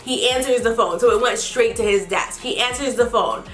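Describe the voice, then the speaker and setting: Young woman vlogger, high and bright, swears freely, roomy echo with faint music under it. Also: moderate pace. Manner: animated, profane, laughing. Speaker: beauty vlogger. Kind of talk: casual storytime.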